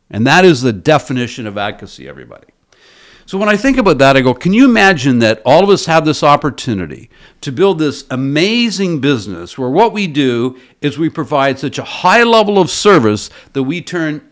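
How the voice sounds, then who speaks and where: A man working as a business coach, giving a motivational talk built around a story and asking his listeners rhetorical questions. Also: on the high side.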